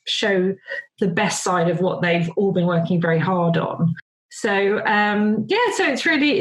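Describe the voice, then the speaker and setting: A woman's voice: mid-range voice, rough recording. A woman hosting a podcast interview in a chatty, rambling way, with fillers and frequent laughter. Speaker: podcast host. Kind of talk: casual podcast chat.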